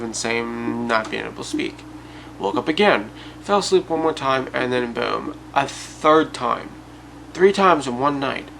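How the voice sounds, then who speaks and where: A man's voice: mid-range voice, gravelly, a bit bright, a little hiss or hum, low-quality recording. A man telling a personal story and talking casually and directly to his viewers. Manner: chatty, addresses viewers directly. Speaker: YouTube storyteller.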